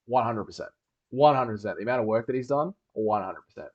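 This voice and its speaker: A man's voice: mid-range voice, animated, fast, lo-fi sound. A man hosting a livestream, reading chat and rambling with jokey, sweary banter.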